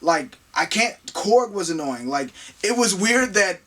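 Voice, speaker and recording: A man's voice: high-pitched, lively intonation, unhurried, bright, forceful tone, far from the mic. A man co-hosting a casual movie review chat, rambling and slangy, with a taste for big words. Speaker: co-host of movie review show.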